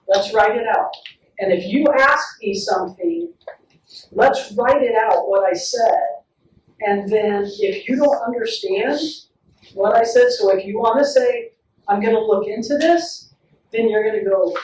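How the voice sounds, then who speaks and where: A woman play therapist tells stories about children in a faith-based parenting talk, acting out their quotes with laughs along the way. Her voice sits a little high. She sounds set back from the mic in an echoey room with a faint hiss. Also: unhurried. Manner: warm, animated storytelling with acted-out quotes and laughs. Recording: echoey room, picked up from a distance.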